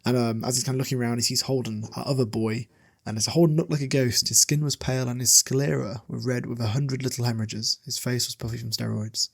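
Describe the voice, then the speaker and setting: Male podcaster, mid-pitch, loose rambling recap, frequent chuckles and ums. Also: steady tone, quick pace, creaky. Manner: rambling, laughs often, many fillers. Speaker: podcast host. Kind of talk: casual book recap.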